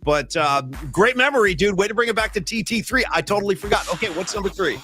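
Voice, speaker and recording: A middle-aged man co-hosting a casual sports talk show, animated and joking, with sarcastic asides. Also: high-pitched, fast talker, soft background music. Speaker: podcast co-host.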